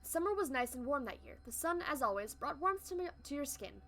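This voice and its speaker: Faint music plays behind a young woman streamer as she reads a story aloud, breaking between passages to banter with her viewers in a lively, playful way. Her voice is high-pitched and her delivery brisk.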